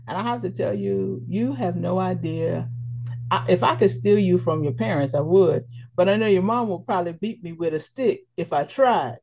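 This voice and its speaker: A woman's voice: lowish voice, moderate pace, creaky, husky. A middle-aged woman, a local official, speaking as a podcast guest in a motherly way and praising the host with feeling. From Prince George's County, Maryland. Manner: warm motherly praise, emotional. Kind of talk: casual podcast interview.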